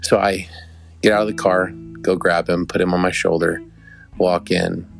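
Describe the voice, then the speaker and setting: Man, young adult, podcast host, gravelly low voice, casual rambling storytelling. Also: level tone, normal speed, faint music behind. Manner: rambling, affectionate, with restarts.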